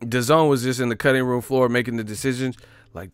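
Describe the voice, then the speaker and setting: A man's voice: medium pitch, steady tone, a little fast, clear, resonant tone, dry recording. A man, a boxing vlogger, giving casual, joking commentary full of slang and profanity.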